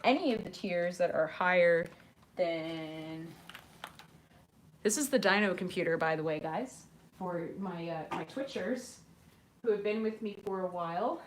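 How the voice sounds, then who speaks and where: A woman's voice: on the low side, a little slow. Woman rambling on her livestream, reading out chat, faint noise in the room. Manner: chatty, reads out viewer comments, frequent ums. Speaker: livestream host. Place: her apartment.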